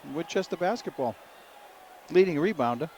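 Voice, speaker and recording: Guy doing color commentary, rambly, says things twice, bit of a high voice, faint noise. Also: lively intonation, normal speed, a little mellow, lo-fi sound. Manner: rambling, repeats words, folksy. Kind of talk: local sports commentary.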